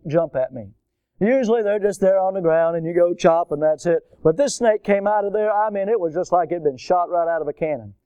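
A man's voice: high voice, no echo. A man from Florida preaching a storytelling sermon, acting out the voices in his story. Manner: animated storyteller, acts out voices.

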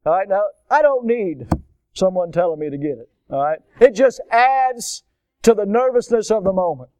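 A man's voice: high voice, moderate pace, no room sound. A man from Florida preaching a storytelling sermon, acting out the voices in his story. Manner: animated storyteller, acts out voices.

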